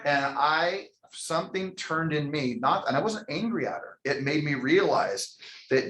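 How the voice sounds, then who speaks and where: A man leading a motivational real estate sales training for a live audience, energetic and preachy, calling on people by name. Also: on the high side, measured pace. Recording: echoey room.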